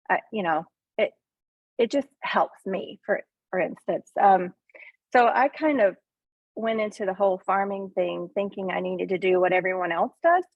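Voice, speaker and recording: A middle-aged woman with a country Southern accent, speaking slowly and haltingly, full of ums and little self-conscious laughs. The sound is thin and tinny, like a phone line, with a dry, close feel. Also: medium pitch, no echo. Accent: Southern US (Northeast Tennessee). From Northeast Tennessee. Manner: hesitant, lots of ums, self-deprecating laughs. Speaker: farmer, coaching student. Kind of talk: casual testimonial on a video call.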